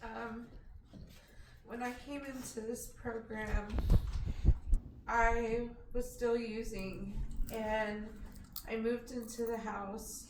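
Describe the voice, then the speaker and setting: An earnest woman gives a heartfelt graduation speech in a plain, halting way. She sounds set back from the mic in an echoey room, with a faint hum of room noise behind her. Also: fairly high pitch, little pitch movement, recorded from a distance. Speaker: program graduate.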